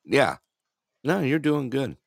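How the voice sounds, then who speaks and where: A man's voice: mid-range voice, sing-song, takes it slowly, vocal fry, dry recording, clean studio sound. A man hosting a casual talk show, upbeat, greeting callers and laughing often. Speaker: host. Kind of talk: casual talk radio chat.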